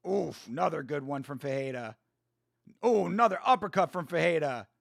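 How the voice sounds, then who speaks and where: A man hosting a casual live watch-along, excitable and profane, trash-talking fighters, reading viewer chat aloud and laughing often. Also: fairly high pitch, moderate pace, vocal fry, no echo, clean studio sound. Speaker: host.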